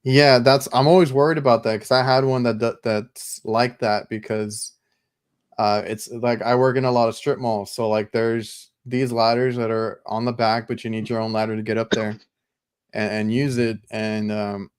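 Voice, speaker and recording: Co-host, male, halting chat, smooth clear voice, mid pitch. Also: little pitch movement. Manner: halting, repeats words. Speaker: podcast co-host, HVAC technician. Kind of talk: casual chat.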